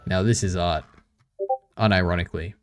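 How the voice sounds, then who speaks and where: A man's voice: deep voice, steady tone, moderate pace, over music. A man streaming casually, reading his chat aloud and bantering back with frequent chuckles.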